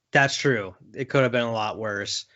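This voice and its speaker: A man's voice: mid-range voice, unhurried, sharp tone, muffled recording. Casual young man chatting sports. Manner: loose, filler-heavy, laughs often. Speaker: podcast co-host.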